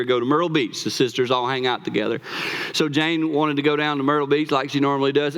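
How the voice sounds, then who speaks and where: Animated preacher with a fairly high voice. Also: male voice. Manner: animated, repeats words, laughs often. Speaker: pastor. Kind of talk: sermon with personal stories. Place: church.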